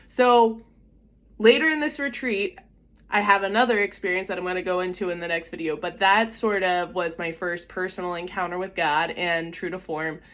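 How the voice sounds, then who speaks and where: Young woman, casual storyteller, filler-heavy and animated, mid-pitched voice. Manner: chatty, lots of filler "like", acts out quotes in whispers. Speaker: vlogger sharing a faith story.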